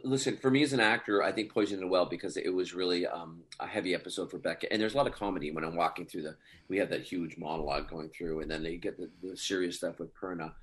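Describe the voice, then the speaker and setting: A man being interviewed as an actor guest, telling stories in a chatty way with many fillers and frequent laughter. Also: low voice. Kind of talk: casual interview chat.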